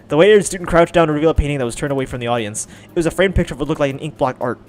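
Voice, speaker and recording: A young man hosting a let's play, reading a visual novel aloud and breaking in with excited jokes. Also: on the high side, rapid-fire, slight background noise. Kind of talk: casual gameplay narration.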